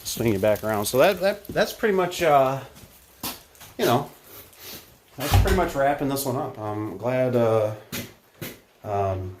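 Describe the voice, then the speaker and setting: A man's voice: medium pitch, animated, measured pace, long pauses. Man, Midwestern American accent, garage door technician, rambling chatty vlog, rain-soaked, echoey shed, faint ambient noise. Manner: rambling, chatty, with many fillers and self-corrections. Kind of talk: casual on-the-job vlog talk. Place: indoors in a shed, then outdoors in the rain.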